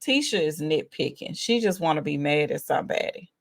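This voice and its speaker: A woman's voice: deep voice, expressive, brisk, vocal fry. A woman hosting a casual reality show recap, chatty and exasperated, sighing and laughing as she talks.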